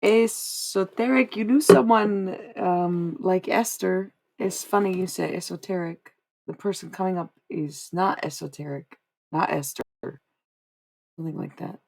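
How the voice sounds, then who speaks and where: A woman's voice: fairly low pitch, measured pace, vocal fry, a little mellow. A young woman livestreaming, chatting casually and giving psychic readings, rambling and repeating herself with frequent laughs. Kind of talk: casual live-stream chat.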